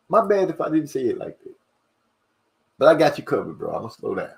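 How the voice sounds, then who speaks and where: A man hosting a casual livestream, reading viewer comments aloud and rushing and stumbling over his words. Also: a little high, huge pitch swings, creaky. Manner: fast-talking, rushes and stumbles over words. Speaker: livestream host.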